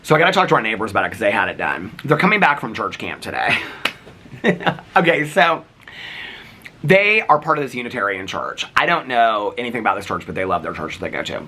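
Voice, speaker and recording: A man vlogging, telling neighborhood stories in a rambling, animated way full of fillers. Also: fairly low pitch, fast, a little hiss or hum. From United States. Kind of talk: casual storytelling.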